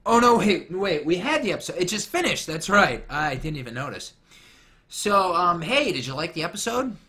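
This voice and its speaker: A man's voice: high-pitched, big pitch swings, normal speed, bright, forceful tone. A young man hosting a casual commentary, rambling and joking as he drifts off on tangents. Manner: rambling, jokey, goes off on tangents. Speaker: commentary host.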